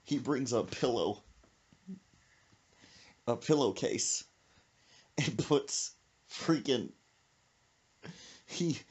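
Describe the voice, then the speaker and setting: A woman's voice: very deep voice, drawn-out words, pauses often, slightly rough. A woman hosting a podcast, telling a comic story with sound effects and laughter. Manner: animated, laughing between lines, sound effects. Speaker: podcast host. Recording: muffled lo-fi podcast audio.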